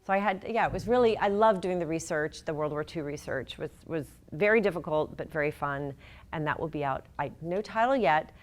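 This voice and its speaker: Woman, middle-aged, author, casual library talk, somewhat low voice, chatty, self-deprecating. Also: a little fast, slight background noise. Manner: chatty, self-deprecating, laughs at own jokes. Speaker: author speaking at a library event.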